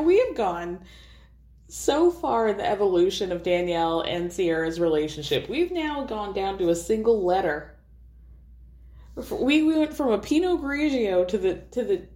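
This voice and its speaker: A woman's voice: medium pitch, expressive, unhurried, warm tone. Sex: woman. Role: podcast host. Style: casual recap commentary. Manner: chatty, sarcastic. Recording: roomy echo. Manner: chatty, sarcastic, swearing freely.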